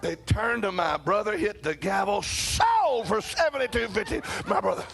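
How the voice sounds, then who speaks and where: A pastor telling a funny story during a church sermon, animated and often chuckling as he talks. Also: high-pitched, normal speed, creaky.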